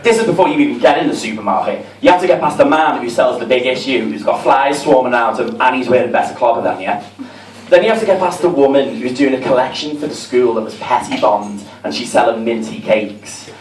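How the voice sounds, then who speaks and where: A man's voice: mid-range voice, lively intonation, fairly quick. A man with a Liverpool accent doing a camp, chatty, self-mocking stand-up set in a comedy club. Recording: roomy, distant, with crowd noise.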